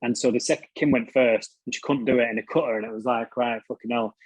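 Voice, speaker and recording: A man's voice: medium pitch, fairly even intonation, fast, breathy edge, dry recording, low-quality recording. A British man telling stories as an interview guest, casually, swearing freely and laughing at himself. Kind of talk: casual storytelling.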